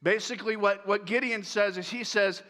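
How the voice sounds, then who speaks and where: A man's voice: high voice, fairly even intonation, moderate pace, sharp tone, big-room sound. A male pastor preaching a sermon in a casual, joking storytelling way, in a large church.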